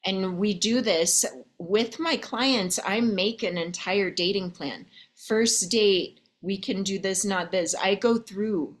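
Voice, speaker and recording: A woman coaching viewers on love, talking at an unhurried pace in a mid-range voice. She is chatty and keeps checking in with "okay?" while calling listeners honey and babe. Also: mid-range voice.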